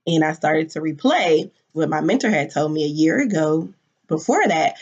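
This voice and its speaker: A woman's voice: deep voice, lively intonation, moderate pace, a little mellow. A woman in her forties telling a personal story candidly and emotionally, with casual swearing. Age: 40s. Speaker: business founder. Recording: dull lo-fi audio.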